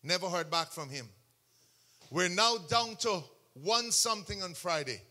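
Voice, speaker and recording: A man preaching a sermon testimony, telling the story with animation, bursting into shouts and acting out what others said. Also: sits high, expressive, a little slow. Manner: acts out other people's words in quotes.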